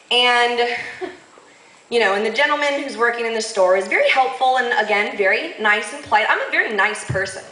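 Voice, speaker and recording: A woman telling a comic story on stage to a live audience, sassy and quick to laugh, with lively asides. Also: a little high, reverberant, poor audio.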